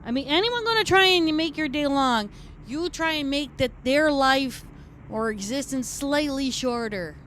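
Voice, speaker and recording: A woman's voice: sits high, expressive, measured pace, a bit bright, slight background noise. A woman playing a brash, foul-mouthed redcap fae, a tough mechanic, who chats in character on a live stream with a New York-ish accent and rambling, streetwise talk. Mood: gruff banter.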